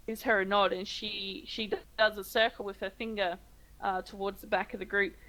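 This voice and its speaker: Woman, Australian accent, game master, hesitant narration, bright tone. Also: mid-range voice, level tone, normal speed, poor audio. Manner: hesitant, many ums and uhs.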